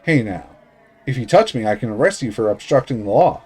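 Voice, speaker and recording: A man's voice: mid-range voice, lively intonation, fairly quick, a little mellow, breathy edge. A man voicing a sly, teasing older police detective in a game read-aloud, unbothered and mocking.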